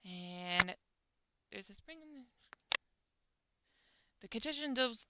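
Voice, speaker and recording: A woman streamer reading game events aloud with lively emphasis while playing, muttering asides between passages. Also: a little high, slow pace, very noisy.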